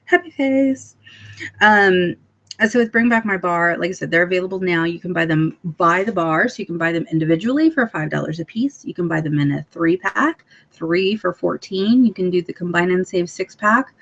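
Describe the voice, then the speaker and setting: A woman giving a casual training talk to fellow sales consultants, bubbly and chatty, with lots of ums. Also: on the low side. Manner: bubbly and chatty, with filler ums and sudden playful voices. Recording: dull lo-fi recording.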